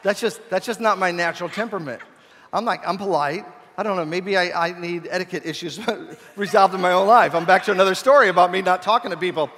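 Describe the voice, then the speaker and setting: High-voiced pastor in an echoing hall. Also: male voice, fast, fairly bright tone. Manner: humorous, conversational, self-deprecating. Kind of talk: storytelling sermon. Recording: long reverb of a large hall.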